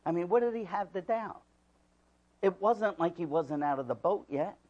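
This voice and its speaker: A man preaching a sermon as pastor. He swings from hushed asides to loud, emphatic preaching and repeats key words for emphasis. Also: high-pitched, lively intonation, normal speed, muffled recording.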